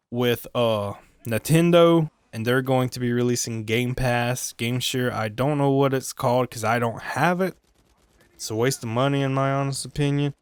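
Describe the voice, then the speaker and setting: A man's voice: medium pitch, smooth, dry recording. A man giving rambling solo commentary on gaming news in a video, joking at his own expense, drifting off topic and stumbling over his words. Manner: joking, self-mocking, sidetracked asides; stumbles and restarts often.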